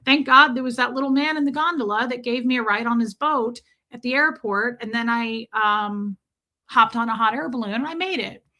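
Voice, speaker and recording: A woman's voice: fairly high pitch, normal speed, bright, forceful tone. A woman hosting a casual livestream, chatty and joking, with sarcastic asides and lots of "like". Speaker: livestream host. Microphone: streaming microphone.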